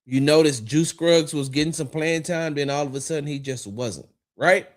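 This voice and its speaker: A man's voice: on the high side, normal speed. Fired-up man ranting on a sports stream. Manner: animated, rambling, addresses chat viewers directly; profane, confrontational asides. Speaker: sports talk show host. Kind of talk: livestreamed football commentary.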